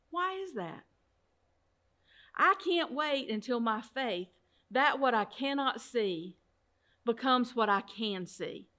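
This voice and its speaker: A woman with a high voice gives a Bible study talk. She speaks earnestly and from the heart, driving points home with repeated phrases. Now and then she stumbles over a word and starts again. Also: pushed and bright. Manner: sometimes halting, restarts words.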